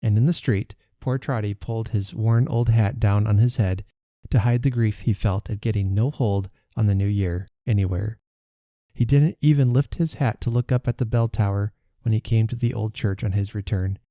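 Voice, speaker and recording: Man narrating a story, measured, low voice, warm and mellow, dry close sound. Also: no room sound. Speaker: podcast host reading a book. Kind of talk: audiobook-style narration.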